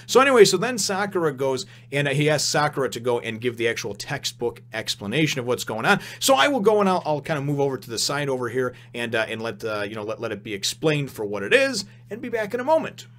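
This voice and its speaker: A man's voice: medium pitch, sing-song, fast talker, few pauses, fairly bright tone. Rambling man recapping a manga chapter. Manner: rambling, with many restarts and fillers; retells the scenes with quoted dialogue. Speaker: manga reviewer and host.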